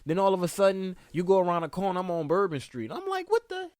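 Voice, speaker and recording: A man's voice: high-pitched, sing-song, quick pace, darkish tone, dry recording, studio quality. A man co-hosting a podcast, chatting casually and joking with frequent laughs. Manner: playful, joking, laughs often. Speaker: podcast co-host. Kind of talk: casual chat.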